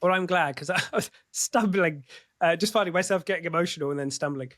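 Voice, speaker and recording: A man's voice: fairly high pitch, fairly quick, a bit bright, dry recording. A man speaking as a podcast guest in candid, casual conversation, swearing freely and often restarting his sentences.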